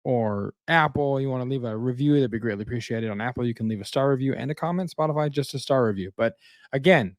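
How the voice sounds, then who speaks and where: A man's voice: mid-range voice, quick pace, no room sound, clean studio sound. A man co-hosting a casual podcast, wrapping up with plugs and dad jokes. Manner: jokey, tells dad jokes. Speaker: podcast co-host.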